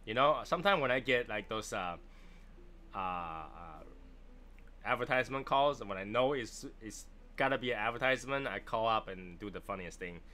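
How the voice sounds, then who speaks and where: Bright-voiced man chatting on a livestream. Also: mid-range voice, moderate pace. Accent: Chinese. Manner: chatty, joking, answers viewer comments. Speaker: livestream host reviewing cigars. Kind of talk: casual live chat.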